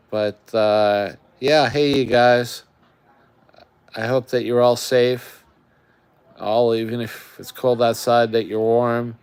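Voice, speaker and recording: Man, livestream host, rambling casual chat, smooth clear voice, middle pitch. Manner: rambling, chatty, talks to viewers.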